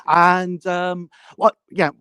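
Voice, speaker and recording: A man from Wales with a high voice, chatting hesitantly. He often stumbles and restarts his sentences. The recording is dry. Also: level tone, drawn-out words, pushed and bright, clear, resonant tone, dry recording. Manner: hesitant, many ums and restarts. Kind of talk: casual chat.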